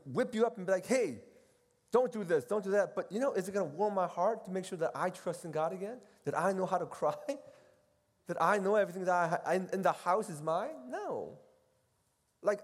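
High-pitched and animated, a middle-aged man who is a seminary professor gives an informal retreat talk, dipping from loud to soft as he imitates quoted speakers. Long hall reverb fills the recording.

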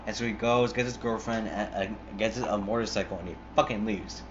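A young man with a lowish voice retells a movie in a loose, rambling way. He swears freely and fills every gap with "like" and half-started words. The recording is muffled and lo-fi, with a faint hiss behind him. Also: steady tone, brisk. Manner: rambling, profane, full of "like" and restarts.

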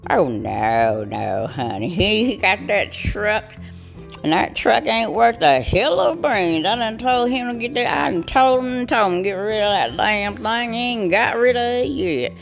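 A woman storyteller doing a simple old hillbilly man, drawling and rambling in a gravelly voice. He talks slow and folksy, a little stubborn, and his tone swoops around as he explains himself. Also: medium pitch, lively intonation, soft background music, voice pushed up. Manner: folksy drawl, rambling, calls her honey.

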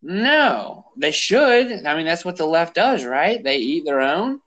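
A man's voice: very animated, takes it slowly, a bit bright, lo-fi sound. A male podcast host in casual political talk, profane and ranting, his voice climbing when he gets worked up. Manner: profane, ranting, rising pitch when angry.

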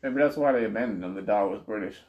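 A man's voice: fairly low pitch, fast, lo-fi sound. Laid-back joking man on an unplanned podcast, swears freely. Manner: joking, loose and profane. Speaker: podcast co-host. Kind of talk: casual chat.

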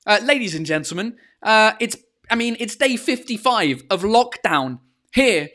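Comedian guy chatting on his home livestream, high bright voice, lots of uh and um, swears a lot. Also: expressive, measured pace. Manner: chatty, swearing, switches into French, lots of filler sounds. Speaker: comedian hosting a live-streamed podcast. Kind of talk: casual live-stream chat. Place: home in lockdown. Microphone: podcast microphone.

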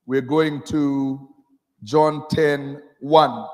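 Slow-preaching man in a reverberant hall. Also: on the high side, darkish tone. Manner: preaches with call-and-response, slow drawn-out scripture reading. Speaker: pastor. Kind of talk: sermon.

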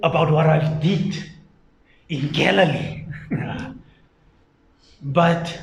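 A man preaching a sermon emphatically, swinging from loud exclaiming to low, quiet delivery. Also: very slow, gravelly, roomy sound.

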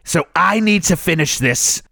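A man's voice: a little high, expressive, measured pace, vocal fry, sharp tone, no room sound, clean studio sound. A man co-hosting a comedy morning show, grumbling and sarcastic in improvised banter. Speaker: co-host.

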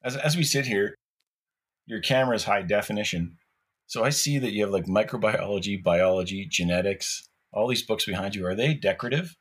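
A man with a low, slightly husky voice hosts a relaxed chat over a video call. He drops in dry jokes between easy questions. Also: a little fast. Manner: joking, laid-back questions. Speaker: podcast host. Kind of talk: casual interview chat.

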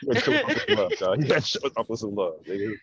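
A man's voice: fairly low pitch, huge pitch swings, rapid-fire, a bit bright, breathy edge, no room sound, muffled recording, voice pushed down, exaggerated voice. A man voicing a pushy older uncle who wants a spot on his nephew's song, teasing, slangy and demanding. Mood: scolding. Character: older male uncle, a pushy hanger-on rapper.

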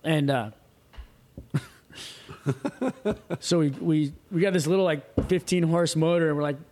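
A man's voice: on the high side, takes it slowly, a little hiss or hum. A man who surfs, telling a wild story in casual chat, acting out the voices of the people in it and swearing freely. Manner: animated, acts out quoted voices, swears freely. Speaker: guest.

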